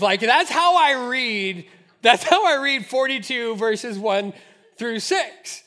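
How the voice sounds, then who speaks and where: High-voiced animated preacher man. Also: takes it slowly. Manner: animated, acts out scripture voices. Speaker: pastor. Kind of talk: sermon.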